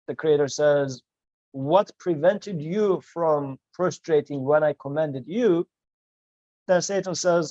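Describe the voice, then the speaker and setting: A man teaching a study session, quoting verses and translating them in a measured way. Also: on the high side, darkish tone, no echo, highs cut off. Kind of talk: explaining scripture to a student.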